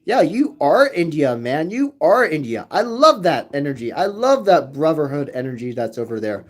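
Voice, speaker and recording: A man's voice: on the high side, big pitch swings, moderate pace. A man hosting a livestream, rambling to his chat, repeating phrases again and again in a sing-song way. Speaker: livestream host reading chat. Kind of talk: rambling live chat with viewers.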